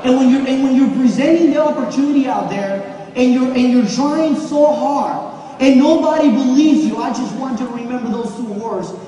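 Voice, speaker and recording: A man giving a motivational stage speech to an audience, repeating phrases, building up to shouts and getting the crowd to call back. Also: very high voice, moderate pace. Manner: repetitive, rising to shouts, audience call-and-response. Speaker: motivational speaker at a business event. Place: large event hall with audience. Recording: echoey hall from far off, crowd. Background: audience laughter and murmur.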